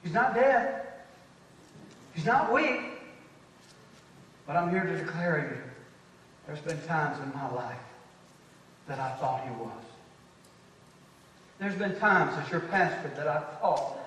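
A man in his fifties, a pastor preaching a sermon, swinging between loud declarations and quiet conversational asides. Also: on the high side, animated, slow pace, long pauses, slight background noise. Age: 50s. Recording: echoey hall from far off.

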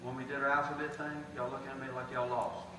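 Folksy pastor in echoey hall. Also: male voice, mid-range voice, flat delivery, quick pace, pushed and bright. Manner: folksy, preaching with rising emphatic bursts. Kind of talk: sermon. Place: church sanctuary. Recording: echoey hall from far off, noisy.

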